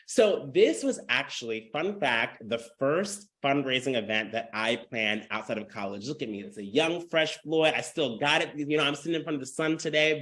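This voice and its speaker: A young man hosting a live webinar with lots of energy, hyping up the audience and talking straight to them. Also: fairly high pitch. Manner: energetic, hypes the audience with "y'all" and "come on". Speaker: webinar host.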